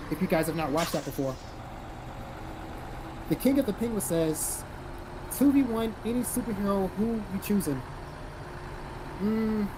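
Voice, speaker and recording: A man's voice: sits high, background noise. A man from South Carolina hosting a casual livestream, reading viewer comments aloud and answering them bluntly with plenty of swearing. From South Carolina, American South. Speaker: livestream host reading chat.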